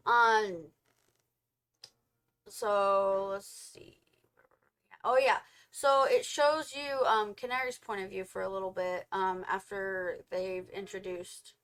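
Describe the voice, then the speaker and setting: A young woman co-hosting a casual film review, retelling the plot with animated storytelling and quick acted-out quotes of the characters. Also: medium pitch, smooth.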